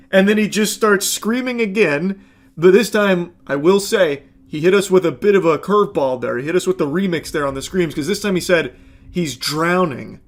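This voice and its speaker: High-pitched male commentator, sarcastic and profane, reaction video host. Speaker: commentary YouTuber.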